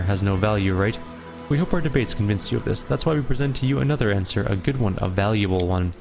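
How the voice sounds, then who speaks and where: A man voicing a playful, ancient fey gnome host in a video game playthrough, speaking in a measured, formal, riddling way. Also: lowish voice, gravelly, a little mellow. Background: game music.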